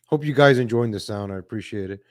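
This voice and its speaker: A man's voice: on the low side, quick pace, dry recording. Chatty male livestream host, dry sound. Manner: chatty and repetitive, often says "ladies and gentlemen"; reads viewer chat names aloud. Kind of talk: casual political commentary stream.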